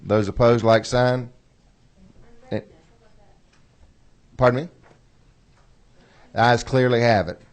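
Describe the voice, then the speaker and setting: A man chairing a legislative committee hearing, folksy and apologetic, reading bill text slowly and carefully. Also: medium pitch, steady tone.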